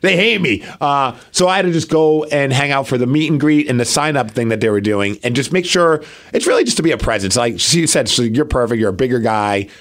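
Here a podcast co-host, medium in pitch, talks a little fast with hardly any pauses. Chatting casually, he tells a long story with animation and acts out the words of others.

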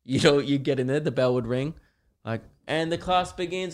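Slightly high-voiced and moderately paced, this young podcast host wanders through crude jokes and playacts small scenes in an offhand comedic monologue.

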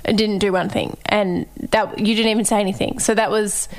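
A young woman hosting a relaxed podcast chat with her partner. She speaks warmly and casually, often hesitating with fillers as she talks. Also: medium pitch, fairly quick, poor audio. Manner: warm, chatty, hesitant with fillers.

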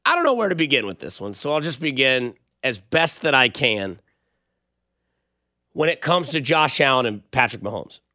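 A man's voice: medium pitch, sing-song, normal speed, sharp tone, dry recording, clean studio sound. A young man hosting a sports radio show, chatting and telling rambling stories in a casual way. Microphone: studio microphone.

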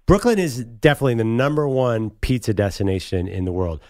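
A man's voice: medium pitch, a little fast, darkish tone, no room sound, studio quality. A man co-hosting a radio show, asking questions and teasing in casual chat. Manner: joking, teasing. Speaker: radio co-host.

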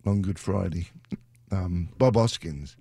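A man's voice: low-pitched, takes it slowly, vocal fry, mellow, a little hiss or hum. A British man hosting a radio show, chatting casually in a rambling, self-deprecating way into a studio mic. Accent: British English. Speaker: radio DJ host.

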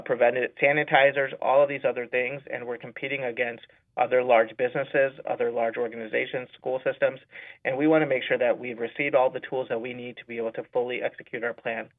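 This is a man in a school superintendent's role, heard over a narrow, tinny phone line. He talks at an ordinary pitch and explains himself methodically, numbering his reasons as he goes. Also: fairly even intonation, fairly quick. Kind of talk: radio interview by phone.

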